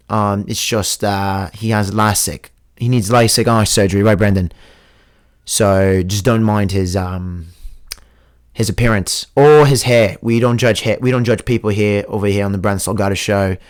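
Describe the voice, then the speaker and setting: A man's voice: lowish voice, moderate pace. A young man hosting his own joking podcast alone, talking in a put-on accent that mixes British and Australian, crude, rambling and mocking himself. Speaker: host. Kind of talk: joking solo podcast monologue.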